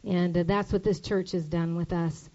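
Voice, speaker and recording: A woman's voice: fairly low pitch, fairly even intonation, normal speed, dark tone, highs cut off. Grateful middle-aged woman pastor. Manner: emotional, grateful, repeats herself. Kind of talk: heartfelt speech from the church stage.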